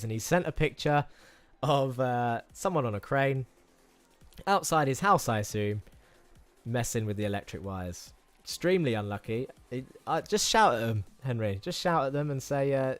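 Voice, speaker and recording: Faint music plays behind a British sim racing host and commentator as he runs a live stream, chatting and rambling, talking with drivers, reading out chat and calling the race. His mid-range voice is expressive and moves at normal speed.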